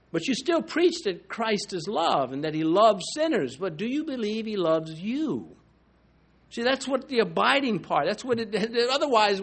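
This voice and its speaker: A man preaching a sermon, emphatic and swinging between loud declarations and hushed asides. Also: high voice, husky. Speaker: pastor.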